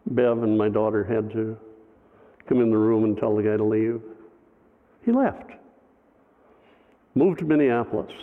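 A man's voice: on the low side, measured pace, long pauses. A man, a pastor, telling a personal story in a sermon, conversational with wry humor. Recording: phone-like, long hall reverb.

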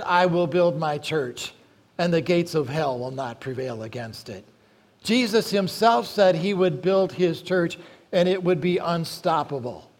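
A pastor delivers a sermon in a high-pitched, darkish voice, reading scripture aloud and slowing down to stress the key words.

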